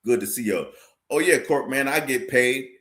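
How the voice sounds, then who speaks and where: A man delivers a livestream sermon in a medium-pitched voice. He is forceful and repetitive, quotes scripture, and keeps turning to his viewers to ask whether they understand. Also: normal speed. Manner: forceful, preachy, repeats phrases, quotes scripture; addresses viewers directly, asks "you understand?". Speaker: street preacher teaching a class.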